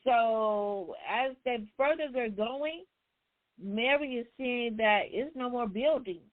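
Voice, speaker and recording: A woman's voice: on the high side, slow. A woman hosting a book discussion, casually retelling a story in with loose, conversational phrasing. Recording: tinny phone line.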